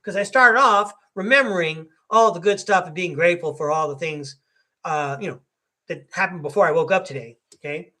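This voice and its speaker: A man's voice: high voice, normal speed, bright, forceful tone. An American man hosting a podcast, reading tarot cards live in a chatty, rambling, folksy way that is often broken by laughter. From United States. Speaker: podcast host and tarot reader.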